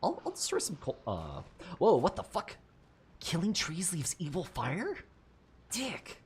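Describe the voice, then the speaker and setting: A man's voice: fairly high pitch, huge pitch swings, a little slow, a little mellow, slight background noise. A man giving casual gameplay commentary, thinking aloud, swearing freely and laughing often. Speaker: gameplay streamer.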